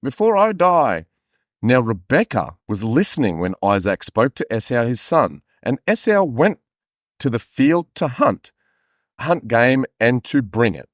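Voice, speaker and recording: A man's voice: mid-range voice, no room sound, studio quality. A man co-hosting a comedy podcast who reads aloud and breaks off into crude, joking asides. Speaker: podcast co-host reading the text aloud. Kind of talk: casual comedic chat and reading aloud.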